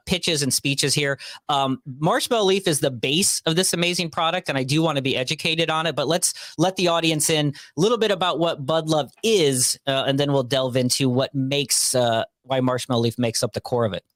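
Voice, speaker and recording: A man hosting a podcast in casual chat, joking and ranting emphatically with lively swings in his delivery. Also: a little high, dry recording. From Northeast Ohio. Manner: animated, joking, emphatic rants. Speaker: podcast host.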